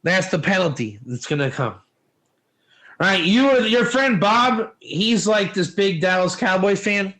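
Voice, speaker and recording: A man teaching a Torah lesson in an informal, animated way, telling stories and asking rhetorical questions. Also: high voice, unhurried, rough recording.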